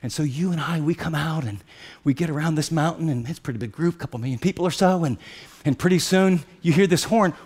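A man preaching a sermon, retelling scripture as vivid dramatic storytelling and swinging from hushed, slow passages to loud, excited ones. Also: a little high, husky.

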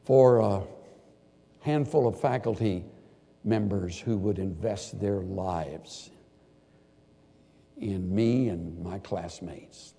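An older man preaching a sermon in a large hall to students and faculty. He swings from loud, lively bursts to quiet, earnest asides. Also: lowish voice, takes it slowly, vocal fry, long pauses. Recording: long hall reverb.

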